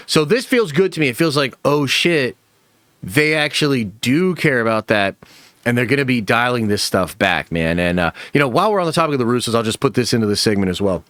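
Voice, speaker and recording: A man's voice: medium pitch, animated, a little fast, a bit bright, no room sound. A man hosting a movie news channel, giving casual, profane opinion commentary with lots of fillers.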